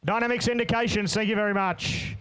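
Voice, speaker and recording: A man working as an auctioneer at a horse sale, rattling off bids in a fast rolling chant and calling to bidders by name. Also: sits high, fairly even intonation, fairly bright tone, clean tone. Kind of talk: rapid bloodstock auction chant. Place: sale ring.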